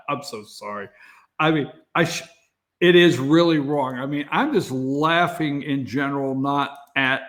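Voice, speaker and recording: A man's voice: medium pitch, measured pace, a bit bright. A man hosting a morning opinion talk show, speaking sarcastically and mocking, often laughing at his own remarks.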